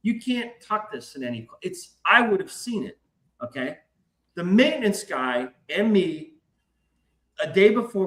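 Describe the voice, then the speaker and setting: Animated, swearing male podcast storyteller. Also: high voice. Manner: profane, animated storyteller who acts out quotes. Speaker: podcast host. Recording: roomy echo.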